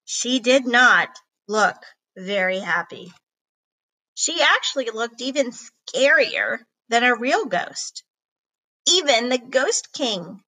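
Expressive woman reading a children's story. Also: fairly high pitch, rough recording. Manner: expressive, slow reading aloud. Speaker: reader. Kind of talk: storybook narration.

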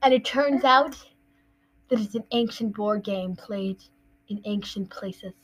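A woman's voice: mid-range voice, measured pace, rough recording. A woman co-hosting a podcast, rambling through a playful made-up story in casual chat. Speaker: podcast co-host.

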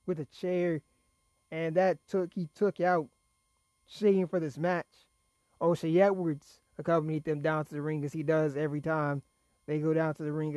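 A man talks through wrestling results in a loose, rambling way, now and then laughing mid-sentence. His voice sits a bit high for a man but has a dark, mellow tone. He is fighting off a cough, and the close recording is dry. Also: no room sound. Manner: chatty, rambling, laughs while talking. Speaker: wrestling show reviewer. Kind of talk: casual solo recap.

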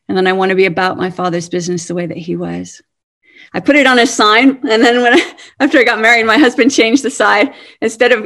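A woman in her fifties giving a sermon-style talk, earnest and animated, laughing now and then. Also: fairly high pitch. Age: 50s. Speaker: speaker.

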